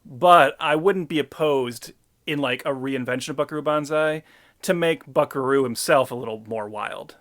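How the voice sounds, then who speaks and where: A man's voice: medium pitch, moderate pace, fairly bright tone. A man co-hosting a podcast, chatting casually and with opinions about an old film, cracking dry jokes. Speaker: podcast co-host.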